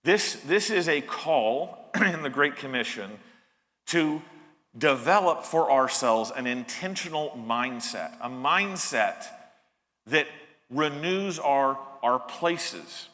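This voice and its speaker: Slow, bright-voiced preacher in a reverberant hall. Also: male voice, on the high side, lively intonation. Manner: earnest, emphatic preaching with frequent restarts. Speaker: pastor. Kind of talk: sermon. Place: church sanctuary.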